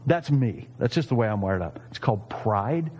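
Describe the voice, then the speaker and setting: A man in his fifties preaching a sermon, animated and jokey, acting out quoted voices. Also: on the low side, moderate pace, slightly rough, in a large hall. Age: 50s. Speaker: pastor.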